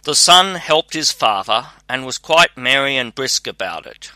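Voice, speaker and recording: Slow, bright-voiced male storyteller. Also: mid-range voice, animated, no room sound. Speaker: narrator. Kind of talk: scripted storybook narration.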